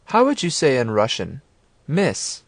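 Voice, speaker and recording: A man narrating a language course from a script, giving calm, clear instructions and prompting the listener to repeat. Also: medium pitch, unhurried, dry recording.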